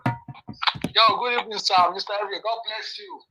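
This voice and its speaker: Man phoning in, piercing bright tone, pious preacher cadence. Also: sits high, lively intonation, moderate pace, rough recording. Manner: prayerful, preacherly, blessing-heavy. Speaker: caller. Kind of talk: call-in comment.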